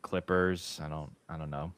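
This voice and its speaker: A man co-hosting a casual sports chat, speaking quietly and haltingly and trailing off. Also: extremely low pitch, steady tone, clear, resonant tone, no room sound.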